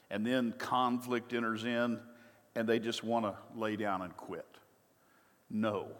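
A man pastor preaching a sermon, moving between quiet, earnest stretches and loud, emphatic bursts. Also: fairly high pitch, long reverb tail.

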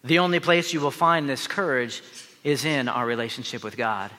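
A man's voice: mid-range voice, normal speed, sharp tone, big-room sound. A man, a pastor, preaching a sermon in an earnest, emphatic way, with asides to the listeners.

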